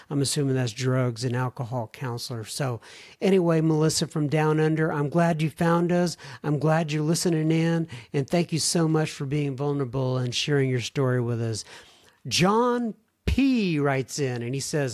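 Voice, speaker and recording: A man's voice: on the high side, moderate pace, a little mellow. A man hosting a podcast, reading listener emails aloud with chatty, joking asides. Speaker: podcast host. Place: home studio.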